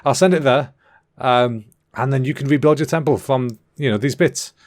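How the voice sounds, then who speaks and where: Chummy male shogun read by a man, offhand and friendly, mid pitch. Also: normal speed, close to an everyday voice. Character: friendly male Japanese shogun, matey and generous.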